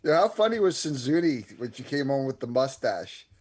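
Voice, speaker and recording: A man's voice: medium pitch, sing-song, normal speed, a little mellow. A man co-hosting a livestreamed talk show in casual chat. He is loose and easygoing and makes crude jokes. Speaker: co-host.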